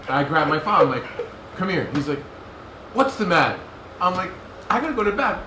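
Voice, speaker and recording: An excitable man on a podcast swears his way through a story, his voice bright and slightly raised. The room rings around him, and a faint noise sits underneath. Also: on the high side, quick pace. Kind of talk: casual chat. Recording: roomy room with background noise.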